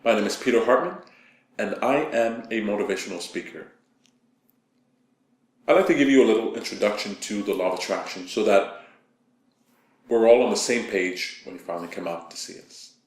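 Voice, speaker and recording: A man from Canada giving a calm, conversational motivational talk, telling stories to make his point. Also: on the low side, moderate pace, long pauses. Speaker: motivational speaker. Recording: echoey room.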